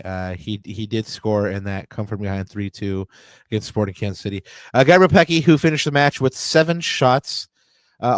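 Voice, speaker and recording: A man's voice: mid-range voice, smooth, no room sound. A man co-hosting a sports podcast in casual chat, reading out stats with frequent fillers and restarts. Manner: conversational, many fillers and restarts. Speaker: podcast co-host.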